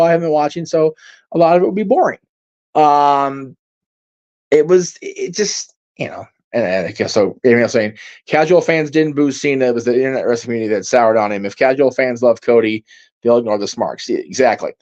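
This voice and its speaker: A man's voice: medium pitch, darkish tone. A man hosting a casual livestream, reading out viewer comments and reacting in a rambling, heated way, swearing freely and using many fillers. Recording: dull lo-fi stream audio.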